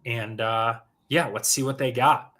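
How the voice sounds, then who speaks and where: A man's voice: medium pitch, fairly even intonation, a little slow, pushed and bright. A man co-hosting a livestream in casual chat, rambling and restarting his sentences. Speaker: co-host.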